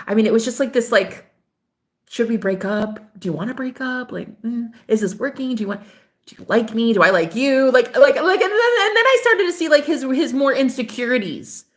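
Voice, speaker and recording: A young woman vlogging casually about her spiritual life, laughing and swearing as she talks. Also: fairly high pitch. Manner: animated, swearing, laughing often. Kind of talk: casual monologue to camera.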